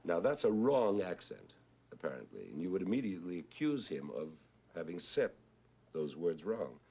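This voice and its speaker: An older man with a husky, whiskey-worn voice, reminiscing about his mentor in a thoughtful, unhurried way with hesitant fillers. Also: low voice, big pitch swings, a little mellow. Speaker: composer and conductor recalling a mentor. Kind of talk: reflective spoken reminiscence. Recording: 1970s television broadcast archive.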